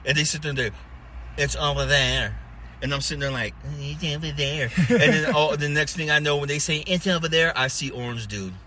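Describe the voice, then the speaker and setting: A man hosting a podcast, talking in loose, profane, animated banter and laughing often. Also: fairly high pitch, fast, hardly any pauses, a little hiss or hum. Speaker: podcast host.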